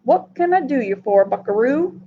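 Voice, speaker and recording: A woman's voice: sits high, expressive, moderate pace, highs cut off, a little hiss or hum. A woman voicing a grown male ranch cowboy who talks in an easygoing way, in a read-aloud storybook.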